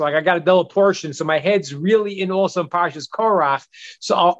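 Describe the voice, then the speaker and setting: A middle-aged man, a rabbi, teaching a Bible class in a relaxed, conversational way with many restarts and asides. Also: sits high, no room sound. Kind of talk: casual teaching talk. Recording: dull lo-fi sound.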